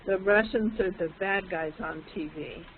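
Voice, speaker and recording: A woman's voice: medium pitch, moderate pace, a little hiss or hum. A woman teaching an online English class, explaining patiently and putting questions to her students. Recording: tinny lo-fi online call audio.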